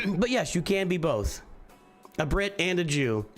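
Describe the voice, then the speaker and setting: A man's voice: high voice, sing-song, a little slow, faint music behind. A middle-aged man hosting a casual morning live stream, rambling and often restarting his sentences as he thinks aloud. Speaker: streamer and channel host.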